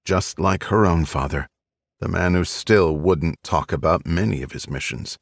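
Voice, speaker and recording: A man narrating a thriller audiobook in a brisk storytelling manner on a close mic. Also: low-pitched, vocal fry, dry recording. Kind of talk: scripted narration.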